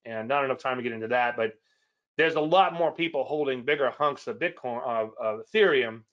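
A man's voice: medium pitch, fairly quick, muffled recording. A man hosting a weekly trading show, chatting casually and rambling through charts with self-deprecating asides. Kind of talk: casual webinar chat.

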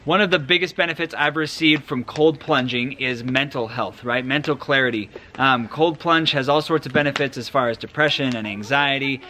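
Against a noisy background, a slightly high-pitched man talks. He's a thirtysomething researcher who vlogs about his family, keeping things relaxed and jokey at home and in the yard as he lays out explanations plainly.

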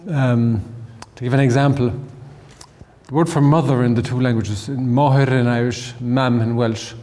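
A man giving an informal language talk, halting with many restarts and fillers, slowing down to spell out examples. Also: mid-range voice, fairly even intonation, warm tone. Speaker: language lecturer. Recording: long hall reverb.

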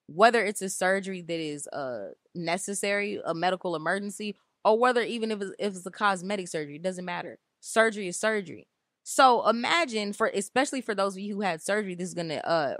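A woman's voice: fairly low pitch, fairly bright tone, dry recording, clean studio sound. Emphatic woman giving a spiritual pep talk. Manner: emphatic, repetitive, conversational. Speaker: spiritual channel host.

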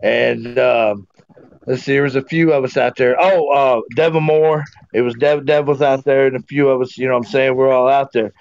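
A man's voice: mid-range voice, fairly even intonation, moderate pace, gravelly, a little mellow, dry recording, lo-fi sound. A man telling heartfelt, rambling, profane stories as a guest on a video call. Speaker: guest wrestler. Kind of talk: casual remembrance on a video call.

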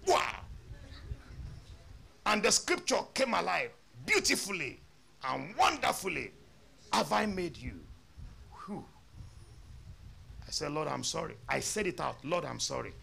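A male pastor preaches slowly, his voice gravelly and bright, with pitch that swings widely as he acts out a remembered conversation. Faint noise sits under the recording. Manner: animated storyteller acting out dialogue, laughing. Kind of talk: sermon storytelling.

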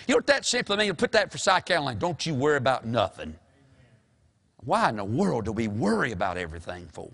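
A man's voice: mid-range voice, brisk, vocal fry. An older man, preaching a folksy sermon as pastor and calling out to the congregation. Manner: folksy, animated preaching with call-and-response.

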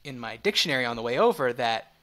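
A man in casual podcast chat, telling an animated travel story with many restarts. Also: mid-range voice, quick pace. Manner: animated storyteller, acts out voices, restarts often. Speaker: podcast co-host or guest.

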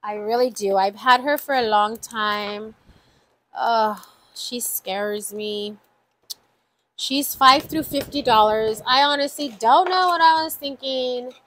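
A woman's voice: on the high side, slow, fairly bright tone, a little hiss or hum, rough recording. A woman hosting a casual budgeting vlog, chatting to viewers, counting numbers aloud and exclaiming often. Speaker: budgeting channel host. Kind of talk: casual savings-challenge vlog.

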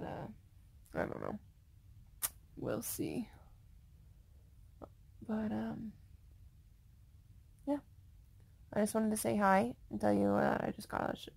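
A tired young woman rambling casually to her phone camera in a vlog, sleepy and unhurried. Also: mid-range voice, creaky, darkish tone, no room sound. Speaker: vlogger. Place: car, bed, then walking outdoors at night.

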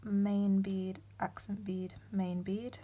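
A young woman, hosting a step-by-step beading tutorial in a soft voice that often drops to a whisper, with frequent ums. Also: mid-range voice, flat delivery, slow pace, husky.

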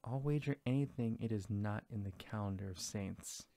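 A man's voice: fairly low pitch, moderate pace, gravelly, dark tone. A man voicing a trusting, good-natured female mouse in a read-aloud fairy tale, asking earnest, puzzled questions.

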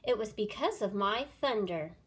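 A woman's voice: medium pitch, lively intonation, moderate pace, slightly rough. A woman voicing a boastful, jealous fairy in a storybook read-aloud, screeching her claims. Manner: screeching, showing off.

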